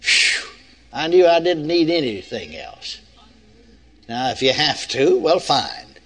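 An older man delivers a sermon in a high voice that rises and falls a great deal. He keeps it folksy and conversational, often asking the congregation rhetorical questions. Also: big pitch swings, slow, fairly bright tone. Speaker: preacher.

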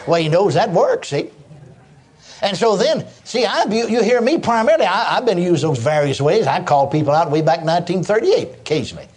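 An older preacher in full sermon flow, voice pitched high and swooping widely up and down. He tells stories with many repetitions, quick chuckles and rising shouts of praise. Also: crowd noise, noisy background. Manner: animated storytelling with repetitions and laughs.

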